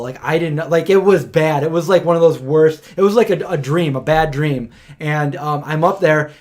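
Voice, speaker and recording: Rambling, chatty man, slightly high voice. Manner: rambling storytelling, heavy on "like". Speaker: podcast host. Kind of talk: casual podcast chat.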